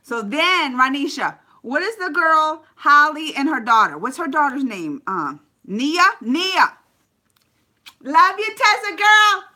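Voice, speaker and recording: High, bouncy woman chatting live. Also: takes it slowly. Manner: animated storyteller, chats with live viewers by name. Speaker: vlogger. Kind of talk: casual live-stream chat.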